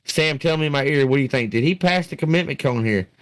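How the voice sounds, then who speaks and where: Calling a sim racing league event live, an excitable man rambles and talks on air with his producer. His voice sits on the high side and his pace is quick.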